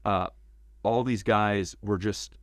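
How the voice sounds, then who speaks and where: A man as an interview guest, telling stories in a casual, animated way, acting out quotes and swearing freely. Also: on the low side, slow pace, clean tone, no room sound, clean studio sound. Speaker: interview guest, former game cinematics director.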